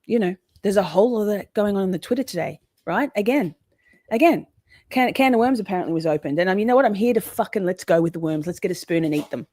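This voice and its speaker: A woman's voice: mid-range voice, expressive, fast, dark tone, dry recording. Woman streamer, loose rambling commentary, salty language, dry unroomy mic. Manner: rambling, chatty, swears freely, breaks off to greet chat. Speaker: livestream host. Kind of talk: casual livestream commentary.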